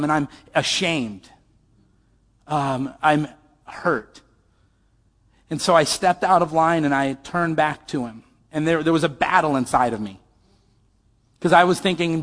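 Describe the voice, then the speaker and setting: A man with a high voice preaches in a casual, storytelling way, turning to his listeners with questions as he goes. His words ring out with a long echo, as if spoken in a big church hall. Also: normal speed, a bit bright. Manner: conversational, asks the audience questions. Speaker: pastor. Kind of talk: sermon storytelling.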